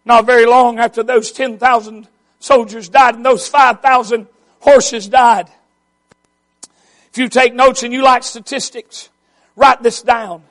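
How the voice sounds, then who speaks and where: A preacher man delivers a fiery revival sermon in a strikingly high voice. He drags his words out slowly and breaks into shouts to hammer each point home. Every phrase lands with emphatic, unhurried force.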